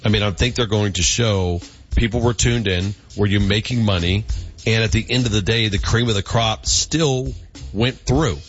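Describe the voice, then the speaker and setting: A man hosting a casual sports talk radio show, rambling and animated with many fillers and restarts. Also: fairly low pitch, normal speed, soft background music. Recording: dull lo-fi broadcast audio.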